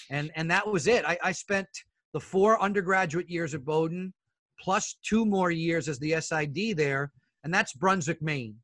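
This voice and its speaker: A middle-aged man, a guest sports broadcaster, telling animated stories in a casual interview and acting out the people in them. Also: fairly high pitch, normal speed, no echo. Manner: animated storyteller who acts out the other people in his stories; addresses the hosts as fellas.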